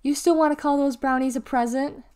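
Woman voicing a brisk, commanding mom, a touch higher; storybook read-aloud. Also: steady tone, a little mellow, natural voice. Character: firm, busy mother of seven.

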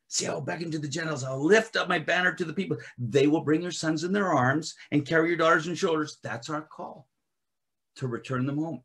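A man preaching a sermon as a ministry director, swinging from loud emphatic bursts to quiet scripture reading, with frequent restarts. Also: sits high. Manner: restarts and filler uh often.

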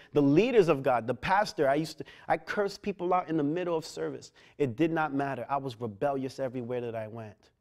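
A man's voice: fairly high pitch, darkish tone. A man giving a personal testimony, earnest and often repeating words as he restarts his sentences. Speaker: testimony speaker.

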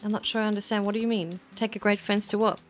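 A woman's voice: medium pitch, level tone, rapid-fire. Gushing woman playing a video game. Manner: gushing, exclamatory, giggly. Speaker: gaming streamer. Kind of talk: casual let's-play commentary. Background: faint game music.

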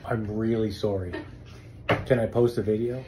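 A man's voice: on the low side, steady tone, moderate pace, noisy background. A middle-aged man, a father pulling a teasing prank on his daughter, laughing often. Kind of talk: casual prank video.

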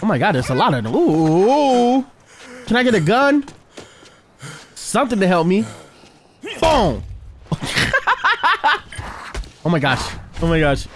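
A young man giving loud, excitable, trash-talking commentary while he plays a video game. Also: high-pitched, moderate pace, pauses often, slight background noise. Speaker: gaming video host. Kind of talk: excited let's-play commentary. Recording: game soundtrack playing behind.

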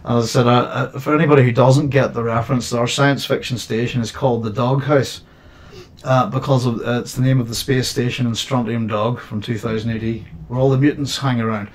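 A man's voice: medium pitch, steady tone, brisk, slight background noise. A man hosting a casual livestream chat from home, rambling with many restarts. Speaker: host.

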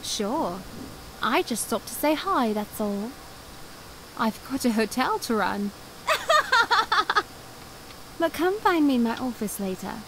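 A woman's voice: fairly high pitch, big pitch swings, takes it slowly, long pauses, background noise, exaggerated voice. An actress playing a seductive, scornful woman who runs a hotel in a video game, speaking with a teasing, suggestive drawl.

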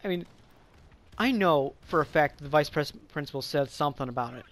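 A man spins a casual story in a slightly high voice, leaning hard on fillers and the odd curse word. He trips over his words and restarts a lot, rambling along without much polish. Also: expressive, a little fast, a bit bright. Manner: rambling, filler-heavy, profane; stumbles and restarts often. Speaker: vlogger.

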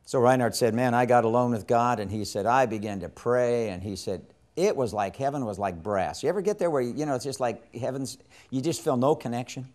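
A man teaching a session on evangelism in a sermon style, telling a story with strong emphasis and dropping to hushed tones when quoting. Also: mid-range voice, fairly quick. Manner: impassioned, swings from loud emphasis to hushed quoting.

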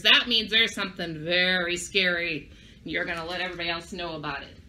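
A woman's voice: on the low side, moderate pace, pushed and bright. A woman librarian giving a children's craft and story lesson, upbeat and speaking directly to young kids.

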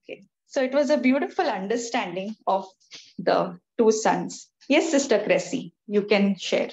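A woman's voice: mid-range voice, normal speed, darkish tone, slightly rough, rough recording. A woman leading a prayer group as its Bible teacher, affirming others and repeating key phrases in a preaching cadence.

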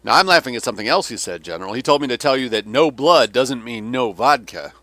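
A man's voice: mid-range voice, animated, fast, pushed and bright, dry recording, voice pushed up. A man doing a jovial Russian colonel.

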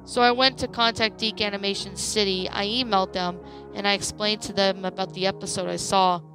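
A woman narrating a creepypasta story in a plain, steady reading voice. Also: medium pitch, fairly quick, music in the background.

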